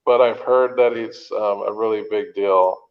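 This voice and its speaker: Male co-host, low pitch, relaxed and halting; long reverb, dull audio. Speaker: podcast co-host. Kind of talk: casual chat.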